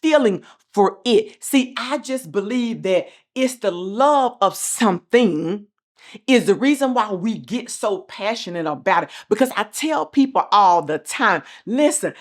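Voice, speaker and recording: A woman's voice: mid-range voice, a little slow. A middle-aged woman giving a motivational speech as host, repeating phrases with an emphatic, preacher-like cadence. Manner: swings from soft and calm to loud and passionate. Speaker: motivational speaker and show host.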